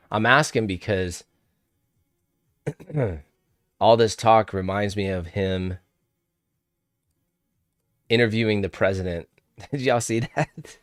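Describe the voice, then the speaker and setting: A young man hosting a livestream who talks in a relaxed, slangy way and laughs easily. His voice sits low, and the sound is close and dry with no room in it. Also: no echo. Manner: laid-back and slangy, laughs often, calls viewers dude and homie. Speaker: trading livestream host. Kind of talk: casual livestream chat.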